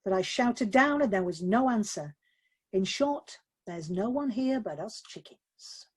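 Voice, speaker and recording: A woman voicing a plucky, practical young woman who speaks briskly. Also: medium pitch, expressive, breathy edge.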